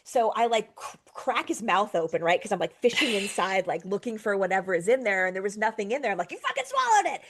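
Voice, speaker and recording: A woman, a trauma therapist and podcast host, telling a personal story in casual chat, animated and swearing freely. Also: medium pitch, fast, few pauses, background noise. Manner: animated, swears freely, acts out her own reactions.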